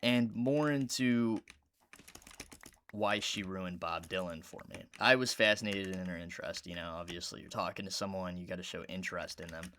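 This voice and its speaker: A man telling a rambling, casual story while playing a video game, with sudden loud outbursts at the game. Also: deep voice, steady tone, brisk, hardly any pauses, slight background noise. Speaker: gaming YouTuber.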